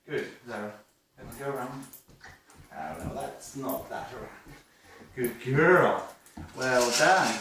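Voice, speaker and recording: A man working as a dog trainer talks slowly through a live demonstration, firing off short commands and praising often. He sounds far from the microphone, in a very echoey space. Clear background noise runs under his voice. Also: medium pitch. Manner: short firm commands mixed with frequent praise.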